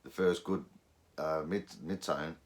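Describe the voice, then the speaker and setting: Man, deep low voice, casual how-to talk, chatty. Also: fairly even intonation, measured pace. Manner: chatty, restarts and fillers, mimics detector tones. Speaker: metal detecting presenter.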